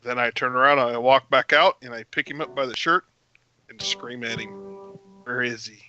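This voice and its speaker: A man's voice: mid-range voice, fairly quick, bright, forceful tone, clean tone, muffled recording, soft background music. A man playing in a tabletop game, stating his moves in short, blunt lines. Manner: blunt, terse in-character declarations. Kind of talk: casual chat.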